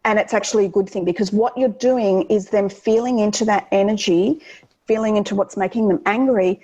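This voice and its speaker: Earnest woman explaining children's calming techniques. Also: medium pitch, brisk, muffled recording. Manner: earnest and explanatory, with frequent ums and restarts. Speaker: guest educator on children's wellbeing. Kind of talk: explanatory interview answer.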